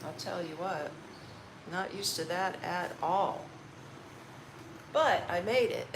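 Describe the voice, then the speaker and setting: Speaking slowly in a lowish voice, a tired woman from Orlando, Florida hosts a casual live-stream chat indoors in her apartment while eating. She's loose and chatty, laughs often and uses folksy slang, with a faint room hum behind her.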